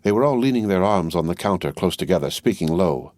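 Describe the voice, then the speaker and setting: A man narrating a classic novel in a measured, even reading. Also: low voice, no room sound. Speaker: audiobook narrator. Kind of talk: scripted narration.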